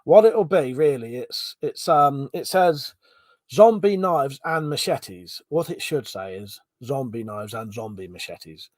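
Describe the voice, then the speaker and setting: A man's voice: mid-range voice, expressive, a little slow, a little mellow, no room sound. A man hosting a casual livestream, chatting and reading out viewer comments, swearing now and then. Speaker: livestream host.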